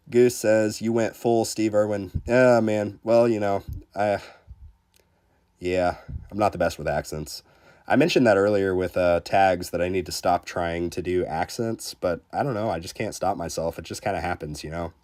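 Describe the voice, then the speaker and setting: A man's voice: fairly low pitch, steady tone, normal speed, a little mellow. A man hosting a casual game livestream, reading viewer comments aloud in a laid-back, joking way with frequent restarts. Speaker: gaming livestreamer.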